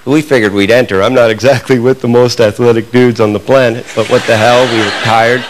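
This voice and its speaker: Canadian guy, stand-up comedian, animated storytelling, medium-pitched voice, noisy live club recording. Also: brisk. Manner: animated, building to excited outbursts with audience laughter.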